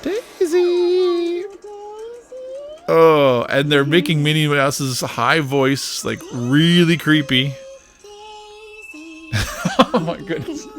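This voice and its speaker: A woman hosting a reaction show, narrating a cartoon excitedly, laughing and sometimes hushing her voice. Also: sits low, very slow, long pauses. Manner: excitable, laughing, often drops to a hushed voice. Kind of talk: live reaction commentary on a cartoon.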